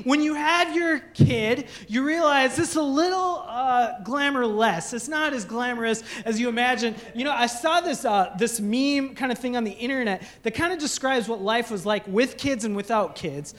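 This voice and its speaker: A man's voice: extremely high pitch, normal speed, few pauses, a bit bright. A young man, a pastor, preaching a sermon with playful storytelling and jokes.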